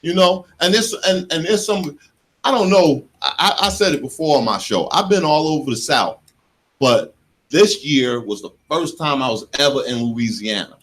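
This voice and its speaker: A radio host in his forties with a mid-range voice, chatting casually in the studio. He is American and tells stories in an animated, joking way. He often laughs at himself. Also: a little high, moderate pace. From United States.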